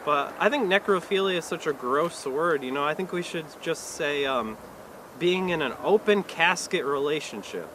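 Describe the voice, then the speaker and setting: Awkward deadpan comedian, slightly high voice. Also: male voice, moderate pace, noisy background. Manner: awkward, hesitant, deadpan delivery full of fillers. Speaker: stand-up comedian. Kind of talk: stand-up comedy set. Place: live comedy venue.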